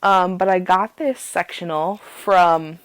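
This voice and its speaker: A woman's voice: fairly low pitch, fairly even intonation, slow, clear, resonant tone, no room sound. A young woman in her twenties, a student teacher, chatting casually over her own building video in a rambling way and laughing often between thoughts.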